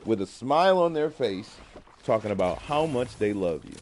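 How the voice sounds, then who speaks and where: A man talking casually while playing a video game, telling a fable and musing on life in relaxed slang. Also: mid-range voice, moderate pace. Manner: laid-back, slangy, reflective. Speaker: gaming streamer. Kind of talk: casual gameplay commentary with storytelling.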